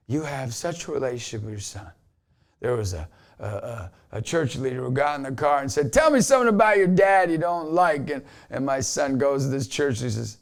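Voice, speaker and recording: A man in his forties, a Christian motivational speaker, giving an emphatic inspirational talk to camera in a conversational way. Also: mid-range voice. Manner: emphatic, repeats a catchphrase, conversational.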